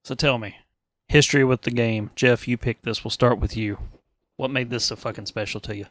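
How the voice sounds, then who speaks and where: A man's voice: medium pitch, steady tone, a little fast, a bit bright, no room sound. Male podcast host, foul-mouthed, joking, mid-range voice, dry sound. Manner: profane, wisecracking. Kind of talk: casual podcast chat.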